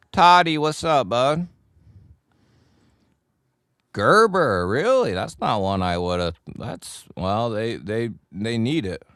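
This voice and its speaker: A man's voice: mid-range voice, a bit bright, no echo, clean studio sound. A man hosting a casual livestream, chatting with viewers and greeting them by nickname. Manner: greets chat viewers by nickname, laid-back and chummy. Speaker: livestream host. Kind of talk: casual live chat with viewers.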